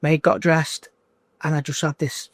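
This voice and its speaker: A man in his forties speaks in a slightly high voice, stumbling over and repeating his words as he opens up in an interview. The sound is dry and close, with no room echo. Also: fairly even intonation. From United Kingdom. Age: 40s. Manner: halting, repeats himself, restarts phrases. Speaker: coaching client. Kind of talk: emotional personal interview.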